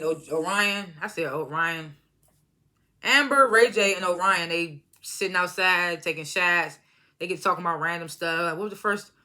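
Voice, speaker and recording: Bright, laughing woman recapping reality TV. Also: medium pitch. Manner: laughs often while retelling scenes; loose slangy storytelling, acts out quotes. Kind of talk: casual episode recap.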